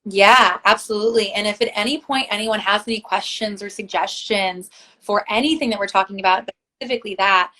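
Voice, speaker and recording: A woman's voice: mid-range voice, fairly quick, sharp tone, rough recording. Woman podcast host, very affirming, lots of you know and like. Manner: affirming, spiritual wording, many fillers. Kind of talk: casual conversation.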